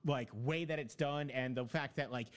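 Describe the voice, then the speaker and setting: A man's voice: medium pitch, normal speed, clear, resonant tone. A man in casual chat, telling long rambling stories about a video game with many fillers.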